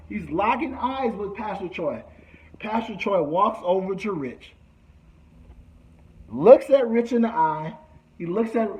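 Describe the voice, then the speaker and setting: A man with a fairly high voice tells a story from his own life. He is lively, acting out the people he quotes with sudden shouts and hushed asides. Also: slight background noise. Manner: acts out quotes, shouting and whispering. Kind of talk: animated storytelling.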